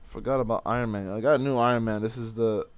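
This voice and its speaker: A young man talks to camera in a rambling, profane rant that is full of restarts. His voice is smooth and clean, and his pitch sits mid-range. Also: steady tone, quick pace. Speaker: vlogger. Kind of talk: casual venting vlog.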